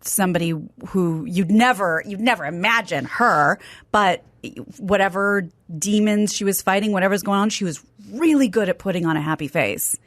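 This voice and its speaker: A woman's voice: medium pitch, normal speed, a bit bright, dry recording. A woman from the American Midwest reading and discussing news on a podcast in a conversational, thoughtful way. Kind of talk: casual news chat.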